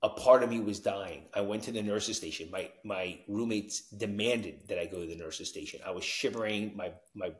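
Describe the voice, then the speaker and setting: A man's voice: fairly low pitch, normal speed, few pauses, roomy sound. A man from New Jersey, a recovery coach, telling his story as a podcast guest, acting out the lines of the people in it. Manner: animated, acts out quoted dialogue, frequent "you know what I mean". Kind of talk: storytelling in conversation.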